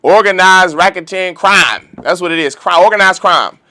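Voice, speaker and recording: A man's voice: high-pitched, normal speed, bright, forceful tone. A man teaching a religious law class, preaching emphatically and firing off rhetorical questions. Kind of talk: lecture-style sermon.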